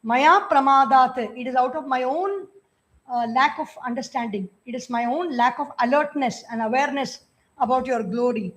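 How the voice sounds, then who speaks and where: Brief: Indian woman, high voice, spiritual teacher, chants verses then explains them plainly. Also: normal speed, fairly bright tone. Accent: Indian English. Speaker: spiritual teacher giving a scripture discourse. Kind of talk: scripture discourse with chanted verses.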